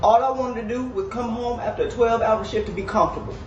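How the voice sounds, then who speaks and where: A man's voice: very high voice, fairly even intonation, fast, dull audio. A man playing a furious, cursing overworked mom. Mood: angry. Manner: yelling, cursing, exasperated. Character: furious overworked mother scolding her kids. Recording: roomy, distant, noisy skit audio.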